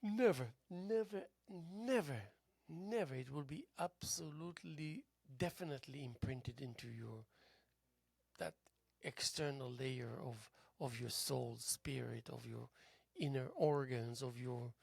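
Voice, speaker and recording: A tired man hosting a local TV show, musing aloud in a halting philosophical monologue that drifts into soft whispers. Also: mid-range voice, steady tone, creaky, breathy edge, dry recording. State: tired, yawning. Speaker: host. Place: local cable TV studio.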